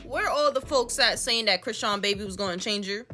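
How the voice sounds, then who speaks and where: Bright-voiced ranting woman. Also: mid-range voice, fairly quick, soft background music. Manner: profane, mocking, ranting. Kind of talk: reaction commentary rant.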